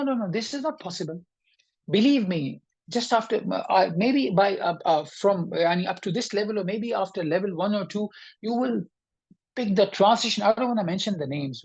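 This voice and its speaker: A woman's voice: mid-range voice, darkish tone, slightly rough. Woman language teacher giving an online lesson; patient, explanatory, hesitant delivery with many check-ins. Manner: hesitant, with frequent fillers and restarts. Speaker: Arabic teacher. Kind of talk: online Arabic grammar lesson.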